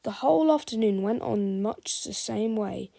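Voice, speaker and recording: A woman's voice: mid-range voice, expressive, normal speed, gravelly, warm tone. A woman reading a children's book aloud, telling the story expressively and speaking to the listener directly. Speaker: storybook reader.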